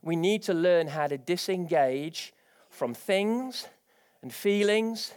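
A man preaching a sermon, energetic and animated, with rising exclamations. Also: high-pitched, slow, clean tone. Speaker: pastor.

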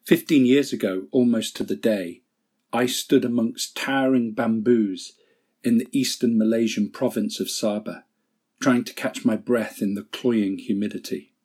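Slow, mellow-voiced man reading a parable. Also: fairly low pitch, steady tone, slightly rough. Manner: measured, gentle, solemn reading. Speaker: church reflection speaker. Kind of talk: slow scripted reflection and storytelling.

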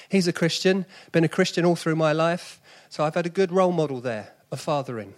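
Earnest South East London preacher man. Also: fairly high pitch. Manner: earnest and conversational, with sudden emphatic rises. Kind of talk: sermon.

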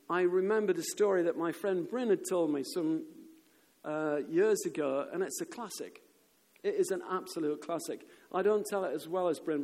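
A man preaching a sermon, telling stories in an animated way and shouting out the lines of crowds. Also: sits high. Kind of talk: sermon with storytelling. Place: church. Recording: long reverb of a church hall.

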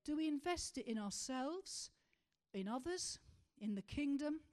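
A woman preaching a sermon, asking rhetorical questions and slowing to stress key words. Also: high voice, animated, a little mellow.

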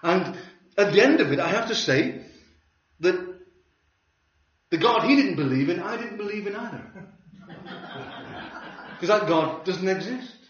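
A man preaching a sermon, telling a story with wry humor and lively delivery. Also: sits high, measured pace, long pauses. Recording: roomy hall from a distance, dull sound.

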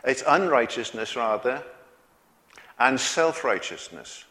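A man's voice: mid-range voice, lively intonation, slow, bright, forceful tone. A man preaching a sermon in a folksy way, chuckling often and asking the congregation questions. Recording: long hall reverb.

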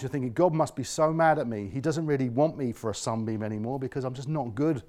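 A male pastor giving an earnest sermon, dropping to quiet tones and rising loud, often acting out the voices he quotes. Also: mid-range voice.

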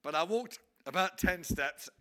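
Bright-voiced evangelist telling a story. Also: male voice, high voice, unhurried. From England. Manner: animated storytelling, acts out scenes, frequent restarts. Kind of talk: storytelling sermon.

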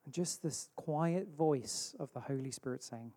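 English preacher in a reverberant hall. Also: male voice, on the high side, unhurried, few pauses, dark tone. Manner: storytelling with acted-out asides. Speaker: pastor. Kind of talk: sermon. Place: church hall.

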